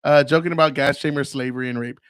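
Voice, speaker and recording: A man's voice: medium pitch, steady tone, quick pace, fairly bright tone, clear, resonant tone, no room sound, studio quality. A man hosting a podcast, talking in a casual monologue, blunt and crude with heavy profanity, acting out other people's voices as he tells stories. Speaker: podcast host.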